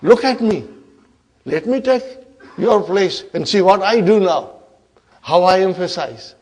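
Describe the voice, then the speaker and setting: Bossy bragging particle, scolding and loud, voiced by a male teacher. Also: fairly high pitch, lively intonation, a little slow, husky. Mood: scornful. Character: boastful pushy grammar particle, male.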